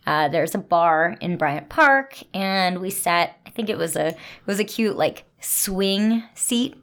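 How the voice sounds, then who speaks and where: A woman co-hosting a podcast speaks in a lowish, expressive voice at a slightly slow pace. She chats playfully and shares a candid personal story.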